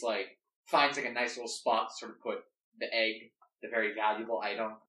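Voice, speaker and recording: A man's voice: on the low side, a bit bright. Man rambling through a story plan. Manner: rambling, full of "like". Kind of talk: casual story planning. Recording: echoey room, mic at a distance.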